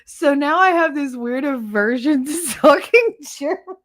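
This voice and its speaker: A woman's voice: high voice, lively intonation, a little slow. A middle-aged woman hosting a livestream, chatting casually and bluntly, rambling from one story to the next. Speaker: livestream host. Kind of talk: casual chat.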